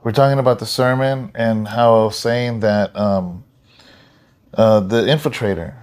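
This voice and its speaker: A man's voice: lowish voice, steady tone, moderate pace, darkish tone, smooth. A man who is a pastor, chatting casually with his wife and cutting in with short remarks. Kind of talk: casual chat.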